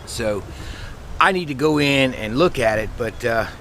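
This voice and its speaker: A man, a beekeeper telling a rambling, folksy story outdoors in his bee yard, his voice a little squeaky from the dry air. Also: expressive, measured pace, fairly bright tone, slight background noise. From Louisiana, USA. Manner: chatty, folksy, rambling with restarts. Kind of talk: casual vlog storytelling.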